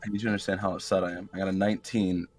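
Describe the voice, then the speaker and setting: A man playing in a tabletop game, boisterous and excitable, cursing freely. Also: sits low, very fast. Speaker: player.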